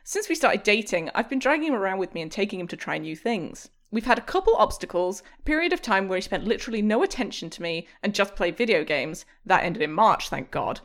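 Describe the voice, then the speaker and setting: A woman's voice: mid-range voice, fast, hardly any pauses. A woman co-hosting a podcast, reading a post aloud in a casual, swearing, amused way. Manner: animated, swearing, laughing while reading. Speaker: podcast co-host.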